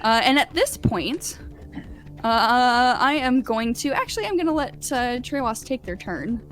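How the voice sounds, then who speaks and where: A woman leads a tabletop game as its game master, her voice sitting a touch high. She narrates the action with animated delivery and laughs easily between lines. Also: a little slow, soft background music.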